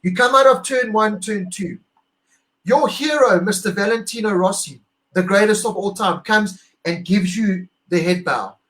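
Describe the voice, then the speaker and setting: Excitable high-voiced man gushing. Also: normal speed, rough recording. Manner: emotional, animated, gushing. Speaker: podcast co-host. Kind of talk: excited casual chat.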